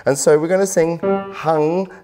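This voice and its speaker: A man working as a vocal coach, calmly explaining and demonstrating a singing warm-up in an instructional lesson. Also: fairly high pitch, moderate pace, loud music behind the voice. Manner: calm, encouraging explanations with sung demonstrations.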